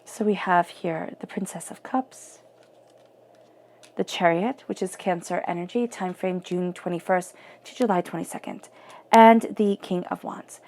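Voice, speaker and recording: A woman's voice: on the low side, a little slow, a little mellow. A woman giving a spoken tarot reading in a flowing, searching way, often repeating and rephrasing her words. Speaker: tarot reader.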